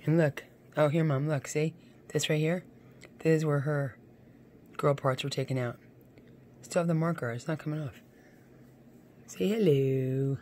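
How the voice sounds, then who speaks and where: Slow-talking woman doting on her dog. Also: steady tone, darkish tone, slight background noise. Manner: doting baby talk to a pet, often climbing high. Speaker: pet owner.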